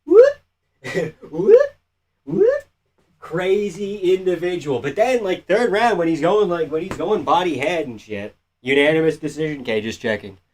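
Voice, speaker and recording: A man doing casual, profane live-stream commentary on a fight from a room in his house. He shouts at big moments and talks low between them. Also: moderate pace, few pauses. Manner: excitable, profane, yells at the screen then chats quietly.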